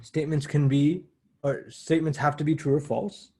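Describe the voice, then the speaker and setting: A man's voice: fairly high pitch, steady tone, moderate pace, mellow, husky. A man giving a university math lecture in a conversational way, often correcting himself as he explains step by step.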